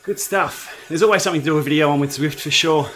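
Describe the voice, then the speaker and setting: A chatty Australian man with a slightly high voice talks loosely to his livestream audience, reading their comments as he rides. He sounds relaxed and easygoing. A faint steady noise sits under his voice. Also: fast. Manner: chatty, laid-back, reads and answers viewer comments. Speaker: cycling livestream host. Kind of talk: casual livestream chat while riding. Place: home training room.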